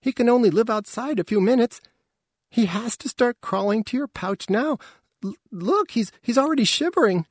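A man's voice: very high-pitched, expressive, normal speed, breathy edge, no echo, clean studio sound, voice pushed up, full character voice. A man reading aloud voicing a frantic young alien who pleads and stammers.

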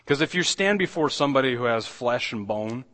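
A man's voice: mid-range voice, lively intonation, a little fast, sharp tone. A man, a pastor, preaching a sermon in a conversational way, with frequent restarts and emphatic rises when he quotes scripture.

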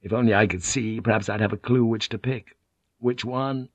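A man's voice: fairly low pitch, steady tone, normal speed, no room sound, dull audio, natural voice. A man voicing a desperate, half-blind male merchant who pleads.

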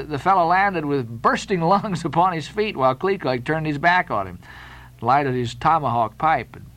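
Male audiobook narrator, expressive, dramatic, slightly raised voice, lively pitch swings. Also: low-quality recording. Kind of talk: scripted narration of a classic novel.

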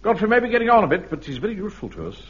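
An actor playing a pompous, fussy, bossy middle-aged bank manager and platoon captain in a radio sitcom, heard on a hissy archive recording. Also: male voice, high voice, sing-song, rapid-fire, lo-fi sound. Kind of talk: 1970s radio sitcom acting.

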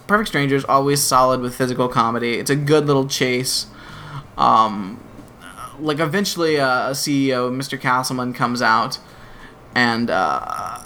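A man co-hosting a podcast, casually retelling a sitcom episode with quick voiced quotes and lots of fillers. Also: mid-range voice, bright, forceful tone, a little hiss or hum. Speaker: podcast co-host.

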